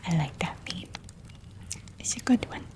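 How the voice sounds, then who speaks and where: A woman streamer speaking in a soft, soothing ASMR whisper and repeating trigger words gently. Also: a little slow.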